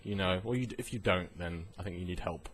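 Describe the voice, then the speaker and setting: A man rambles through a casual gaming vlog with a slightly husky, breathy voice. He laughs often and keeps breaking into mocking put-on voices, telling his stories loosely and for fun. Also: low voice, fast. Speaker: gaming vlogger.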